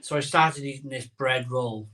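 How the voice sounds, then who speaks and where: A man's voice: mid-range voice, normal speed, bright, forceful tone, far from the mic. A man hosting a live beer-drinking show, telling a rambling story in casual chat and repeating his phrases as he goes.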